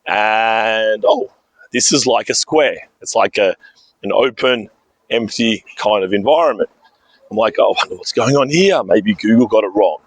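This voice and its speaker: An Australian man telling a rambling anecdote in a casual vlog, dotted with "right?", while clearing a sore throat now and then. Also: mid-range voice, a bit bright, no room sound. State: throat trouble, clearing throat and coughing. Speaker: vlogger.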